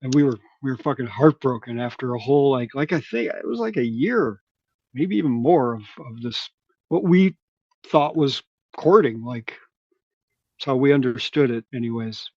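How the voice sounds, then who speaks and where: A man's voice: medium pitch, moderate pace, a little mellow, no echo, dull audio. A middle-aged man telling loose, rambling stories from his band days in casual chat, swearing freely. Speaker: guest musician. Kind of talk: casual storytelling.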